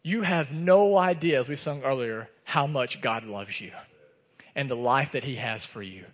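A man's voice: mid-range voice, moderate pace. Earnest man preaching in a reverberant church. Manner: earnest, conversational preaching with personal storytelling. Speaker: pastor. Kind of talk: sermon. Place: church sanctuary. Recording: long reverb of a church hall.

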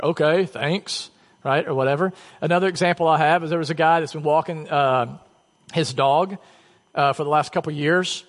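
Male pastor, a touch high, casual storytelling sermon, church reverb. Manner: conversational, self-deprecating storytelling. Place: church sanctuary.

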